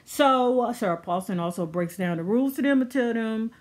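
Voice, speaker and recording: A woman's voice: on the high side, lively intonation, fairly quick. A woman casually recapping a TV episode in a sassy, chatty way full of slang asides. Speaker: TV recap vlogger.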